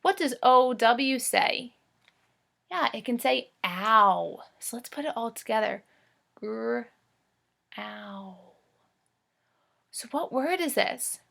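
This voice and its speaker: A woman teaching first graders to read, slowly sounding out words in a coaxing voice. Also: on the high side, lively intonation, vocal fry, bright, forceful tone. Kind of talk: phonics read-aloud lesson.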